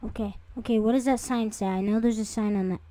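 A young woman with a fairly high voice gives casual commentary over her own gameplay. She chats to her viewers, rambles, and breaks into startled squeals at sudden scares. The sound is dry and close, with no room around it. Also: fairly even intonation, fast, mellow, no echo. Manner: chatty, jumpy, easily startled, with sudden squeals. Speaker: gaming video creator. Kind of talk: casual let's-play commentary.

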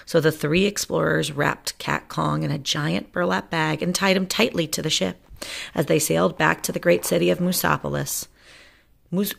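Storyteller: woman, low pitch, gravelly texture, playful picture-book reading. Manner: playful, lively read-aloud.

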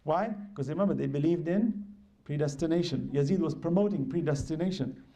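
Man preaching a lecture; high-ish, warm, mellow delivery that dramatizes the quotes it retells. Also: a little fast. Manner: emphatic, acts out quoted dialogue in retellings. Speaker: religious lecturer. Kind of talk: religious lecture with dramatic storytelling.

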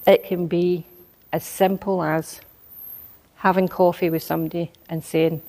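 A woman's voice: lowish voice, level tone, unhurried, warm tone. A woman preaching a sermon, telling a personal story and building into emphatic exhortation.

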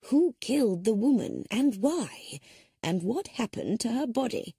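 A woman's voice: on the high side, very animated, unhurried, gravelly, mellow, breathy edge, no echo, studio quality, pitched above the performer's own voice, heavily acted. A woman voicing an elderly spinster detective who speaks mildly and politely and reasons things through carefully. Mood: gentle, reasoning. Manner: mild, polite, thoughtful reasoning. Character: elderly spinster sleuth, gentle yet sharp-witted. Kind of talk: audiobook character reading.

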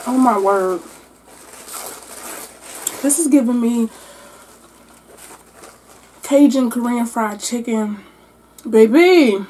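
A woman hosting a mukbang-style book wrap-up, talking between mouthfuls. Her voice sits on the higher side. She is animated and full of exclamations. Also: drawn-out words, long pauses, slight background noise. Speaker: book vlogger.

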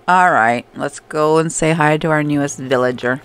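A young adult woman streams gameplay, commenting casually, chatting to the game characters and laughing often. Her voice is deep and her pace slow, with faint music in the background.

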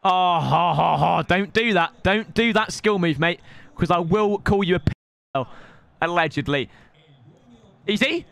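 A young man calls out his own video game match live, excitable and quick to burst into shouts while teasing his opponent. His voice sits high and swings wildly up and down, with a bright, sharp edge to it. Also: gravelly. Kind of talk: live gameplay commentary.

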